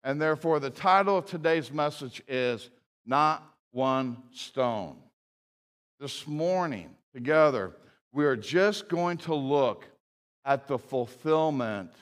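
A man preaching a sermon as pastor, emphatic, with rhetorical questions, joking asides and a quiet prayer. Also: medium pitch, measured pace. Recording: echoey hall.

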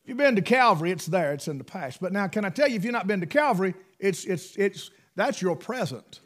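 A preacher man in the middle of his sermon, his voice pitched high for a man and leaping all over the place. He swings from loud, fervent bursts down to hushed asides. He sounds middle-aged. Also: expressive, a little fast.

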